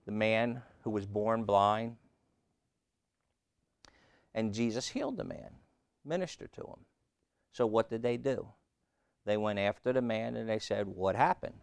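A man preaching a sermon, emphatic, rising loud and high on key points and calling out questions to the congregation. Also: fairly even intonation, measured pace, vocal fry, pauses often, clean tone, no room sound.

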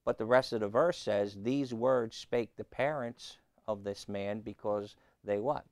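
Gravelly low-voiced man preaching a sermon. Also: a little slow, no room sound, clean studio sound. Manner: emphatic, rises loud and high on key points, calls out to the congregation.

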